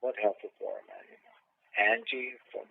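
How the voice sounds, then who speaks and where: A man's voice: fairly low pitch, huge pitch swings, moderate pace, vocal fry. A middle-aged man, a former boxer and cornerman, telling a personal story in a casual interview, swearing often and restarting his sentences with a lot of "man.". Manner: profane, emotional storytelling with many restarts and repeated "man". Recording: tinny phone-like dry sound.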